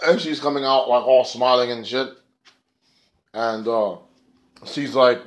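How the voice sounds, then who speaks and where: A man's voice: mid-range voice, steady tone, moderate pace. Profane rambling male reviewer. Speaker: wrestling show reviewer. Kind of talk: casual spoken review.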